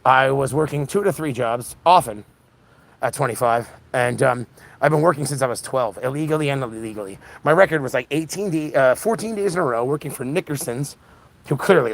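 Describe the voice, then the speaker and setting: An exhausted man around forty rushes through a rambling monologue, his voice gravelly and low-edged. He jumps between thoughts, restarts sentences and piles on fillers. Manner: fast, scattered, many restarts and fillers. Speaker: independent political livestreamer. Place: outdoor punk festival.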